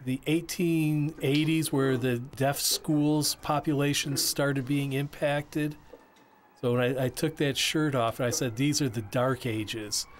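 A man voicing a signer's interview answers as interpreter, halting with frequent restarts and repeated words. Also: medium pitch, a little hiss or hum.

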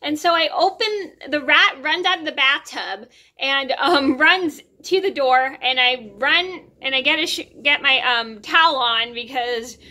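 Young woman vlogging, bright voice, kinda high, rambles with lots of ums. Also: unhurried. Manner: chatty, rambling with many ums and restarts. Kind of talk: casual storytelling to camera.

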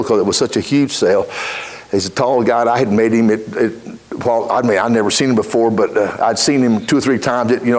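A middle-aged man preaching a folksy storytelling sermon in church, building from easy anecdote into shouted fervor. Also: mid-range voice. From Texas.

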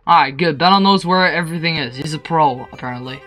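A young man giving excited gameplay commentary, rambling with fillers and breaking into screams and laughter. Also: on the high side, quick pace. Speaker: gamer recording gameplay. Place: indoors at a computer, in voice chat. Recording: game music playing faintly behind.

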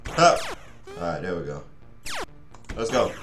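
A man's voice: low-pitched, big pitch swings, measured pace, music in the background. A young man giving let's play commentary, frustrated, swearing a lot and rambling to his viewers. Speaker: gaming channel host. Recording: echoey room.

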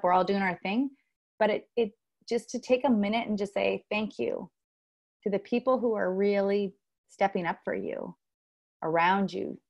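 A middle-aged woman relationship coach giving an earnest, animated motivational talk, acting out what other people say. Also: mid-range voice. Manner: earnest and animated, acts out quoted voices.

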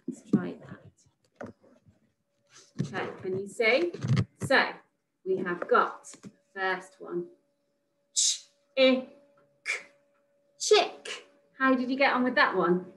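Slow sing-song woman teacher. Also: mid-range voice, slight background noise, rough recording. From England. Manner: slow, sing-song, sounds out letters and praises. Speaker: reception class teacher. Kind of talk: recorded phonics lesson for young children.

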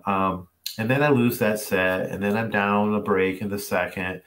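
A middle-aged man with a fairly low voice, speaking as a tennis coach leading a masterclass over a video call. He tells stories in a lively way and acts out the voices of the people he quotes. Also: normal speed. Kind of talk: storytelling masterclass talk.

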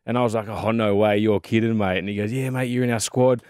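A man's voice: on the low side, quick pace, smooth, dry recording. Aussie guy in his 30s telling footy yarns on a podcast, says mate a lot, dry close mic. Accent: Australian. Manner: animated storyteller, fillers and mate. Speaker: podcast co-host, former rugby league player. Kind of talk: casual storytelling chat.

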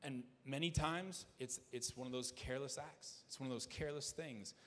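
Man, pastor preaching, middle pitch, earnest, restarts phrases, reverberant church hall. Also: normal speed, fairly bright tone. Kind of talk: sermon. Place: church sanctuary.

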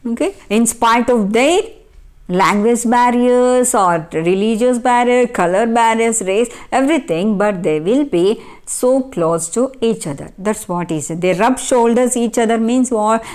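A woman with an Indian English accent lectures on a textbook passage, her voice sitting a little high. She poses questions to the class and answers them herself, repeating key phrases as she explains. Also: a little slow, a little mellow. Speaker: English teacher.

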